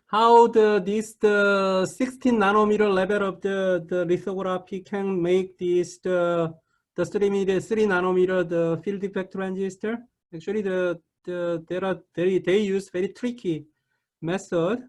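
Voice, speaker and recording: Halting, high-voiced male lecturer. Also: steady tone. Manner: halting, many restarts and repeated "okay". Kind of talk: classroom lecture.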